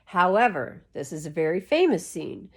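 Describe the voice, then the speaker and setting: A woman's voice: on the low side, sing-song, moderate pace, breathy edge. A woman chatting to camera in a rambling, casual way full of "like" fillers, talking while lying down. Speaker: YouTube creator.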